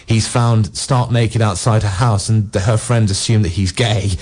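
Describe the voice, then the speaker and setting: A man's voice: on the low side, steady tone, moderate pace, a little mellow, husky. A man reviewing films on local radio, talking at length with enthusiasm in long run-on sentences. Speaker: film reviewer. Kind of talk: radio film review chat.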